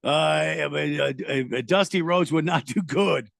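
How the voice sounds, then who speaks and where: Male sports radio host, gravelly, rambling, self-deprecating; close dry studio sound. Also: fairly high pitch, a little slow, a bit bright, no echo. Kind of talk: casual radio banter.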